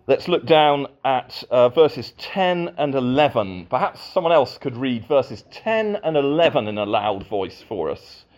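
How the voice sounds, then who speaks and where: Slow, lively male preacher. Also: mid-range voice, muffled recording. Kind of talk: sermon.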